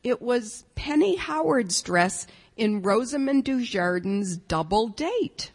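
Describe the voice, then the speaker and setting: A woman voicing her grown daughter, who speaks in a soft, loving, patient way. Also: on the high side, expressive, slow pace, husky, pitched above the performer's own voice, full character voice. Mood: gentle. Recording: long reverberant hall.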